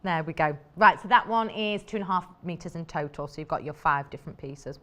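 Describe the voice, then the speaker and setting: A woman's voice: sits low, fairly quick, pushed and bright. A woman presenting live on a shopping channel in a TV studio, chatty and enthusiastic, rambling as she shows fabrics.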